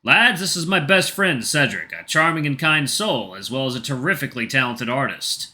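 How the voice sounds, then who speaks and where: A man's voice: medium pitch, animated, normal speed, bright, forceful tone. A man doing a jovial, theatrical fox. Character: theatrical male fox, the gang's charming friend.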